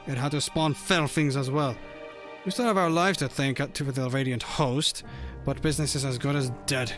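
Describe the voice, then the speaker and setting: A man's voice: medium pitch, normal speed, fairly bright tone, soft background music, lightly acted. A man voicing a weary, downcast harbor merchant in a video game, reading the lines in a gloomy, sighing way.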